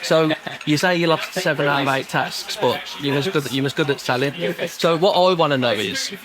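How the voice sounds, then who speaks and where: A man's voice: a little high, normal speed, crowd noise. A man co-hosting a casual chat over dinner, putting easygoing questions to his guest. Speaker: co-host. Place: pub dining room.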